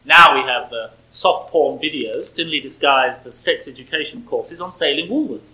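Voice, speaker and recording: A man giving a prepared sermon-style lecture, measured and emphatic, with pointed sarcasm. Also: a little high, bright, forceful tone, low-quality recording. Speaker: speaker.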